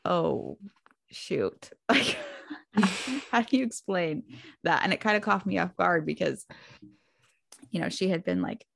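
A woman in her thirties co-hosting a podcast, telling family stories in relaxed casual chat. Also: fairly low pitch, moderate pace, gravelly, pauses often, no room sound. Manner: relaxed storytelling with fillers and laughs. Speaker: podcast co-host.

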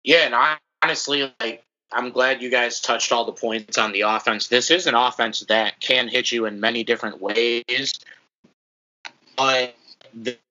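A man's voice: medium pitch, steady tone, unhurried, sharp tone. A man in a casual football podcast chat, talking energetically and loosely with "dude" and "like". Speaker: sports podcast co-host. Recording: dull lo-fi audio.

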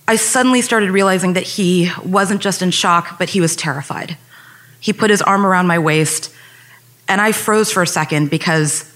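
A woman's voice: mid-range voice, fairly bright tone. A young adult woman telling a personal story on stage, earnest and reflective, speeding up when recalling tense moments.

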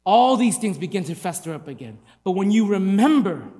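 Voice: medium pitch, sing-song, brisk, hardly any pauses, warm tone. A preacher delivering an emphatic sermon, asking the congregation rhetorical questions. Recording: long hall reverb.

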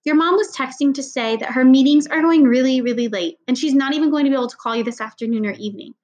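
A falsely cheerful mom behind the wheel, as a woman reads her part. Her voice sits a little high, with the bright put-on brightness grown-ups use with kids. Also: fast. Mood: apologetic. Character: cheerful adult mother driving kids.

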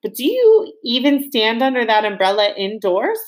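A woman voicing a gruff ship's cook who waves a cleaver, blunt and suspicious in how he talks. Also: on the high side, sing-song, normal speed.

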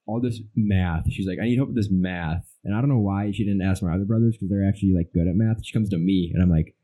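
Mellow-voiced young man telling stories. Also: deep voice, fast. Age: young adult. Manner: rambling storyteller, acts out his own reactions. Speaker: podcast co-host. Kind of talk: casual chat.

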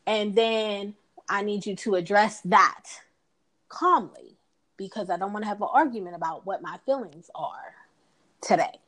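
In a casual conversation she co-hosts, a woman tells stories with animation, acting out the dialogue herself. Her voice is mid-range at a moderate pace, and the recording quality is low.

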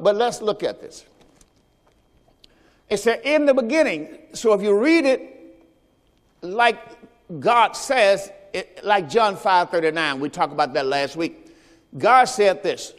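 Man preaching a sermon, call-and-response, high animated voice, long hall reverb. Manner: call-and-response preaching, has the congregation repeat phrases. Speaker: pastor. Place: church service.

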